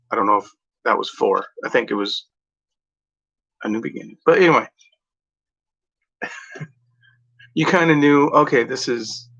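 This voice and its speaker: A man with a bright, forceful voice rambles through casual chat, circling back and correcting himself mid-thought. His sentences lean on "like" and "you know". The recording sounds dull and lo-fi. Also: medium pitch, creaky. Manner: meandering, full of "like" and "you know", self-correcting. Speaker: vlogger.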